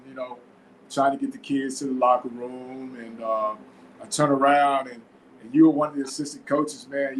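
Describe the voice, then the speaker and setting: A man's voice: medium pitch, slight background noise, rough recording. Laid-back male podcast host from Florida. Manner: laid-back, frequent fillers like "man" and "you know". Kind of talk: casual podcast interview.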